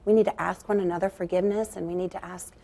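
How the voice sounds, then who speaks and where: A woman's voice: on the low side, fairly even intonation, fast talker, vocal fry, warm tone. A woman, a guest author, talking candidly about faith and family in an earnest, confiding way with frequent fillers.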